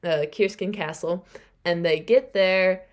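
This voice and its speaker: Young woman podcast host, chatty book recap, voice sits a bit low. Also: slow pace. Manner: chatty, acts out characters' lines while retelling.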